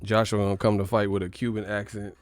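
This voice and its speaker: A man's voice: on the low side, flat delivery, fast talker. A man hosting a boxing live stream in a casual, profane, joking rant full of slang.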